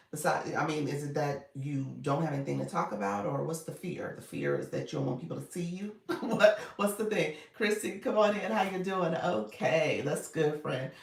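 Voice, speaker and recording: In an echoey room, a little distant from the mic, a woman coach chats casually on a livestream, greeting viewers and reading comments. Her voice sits on the low side with vocal fry, and she laughs often, encourages everyone, and calls them "friend."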